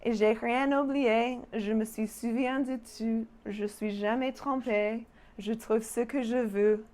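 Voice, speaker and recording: A young adult woman performing spoken-word poetry live, with a measured rhythmic recitation and chatty, laughing asides between poems, in a small performance venue. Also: a little high, fairly even intonation, a little mellow. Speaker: poet.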